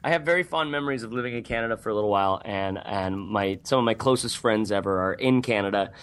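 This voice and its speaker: A man's voice: fairly low pitch, quick pace, clear, resonant tone. A man who is a guest on a podcast, talking in a playful, teasing, joking way. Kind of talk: casual podcast chat.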